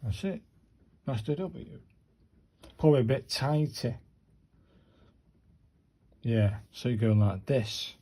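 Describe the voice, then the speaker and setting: A man's voice: medium pitch, expressive, slow pace, long pauses, dark tone. A man, talking viewers through handwriting practice in a chatty way and muttering to himself as he writes. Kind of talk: casual talk-through while writing.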